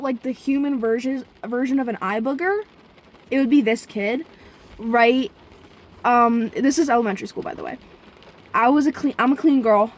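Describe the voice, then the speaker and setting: Chatty young woman with a high voice. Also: a little mellow. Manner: rambling, chatty, with sudden profane outbursts; talks straight to her viewers. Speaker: vlogger. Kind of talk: casual storytelling vlog.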